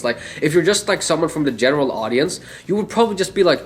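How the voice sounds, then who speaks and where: A man's voice: fairly high pitch, huge pitch swings, quick pace, hardly any pauses, fairly bright tone. A young man giving a casual, rambling movie opinion, laughing often and swearing. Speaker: movie reviewer.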